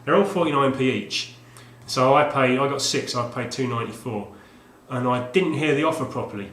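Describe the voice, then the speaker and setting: A retro game collector vlogger with a medium-pitched, fairly bright voice talks briskly and casually on video about a game he bought. He rambles, using lots of fillers and often restarting his sentences. The room gives a roomy echo over a faint background hum.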